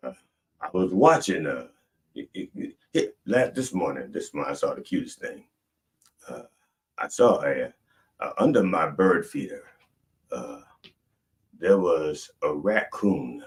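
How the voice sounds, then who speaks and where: Speaking from the very bottom of his range, a man delivers a rambling, deadpan comic sermon. He meanders through fillers and restarts with an unhurried pulpit drawl. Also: rumbling low. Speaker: comic preacher. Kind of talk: mock sermon.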